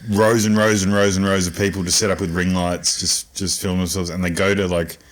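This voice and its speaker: A man's voice: low-pitched, level tone, fairly quick. A man, co-hosting a podcast with dry, wry asides in casual chat. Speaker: podcast co-host.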